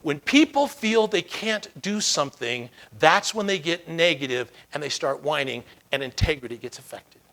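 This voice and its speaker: Bright, emphatic male keynote speaker. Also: fairly high pitch, lively intonation, normal speed, gravelly. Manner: emphatic storytelling with acted dialogue. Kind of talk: motivational keynote speech.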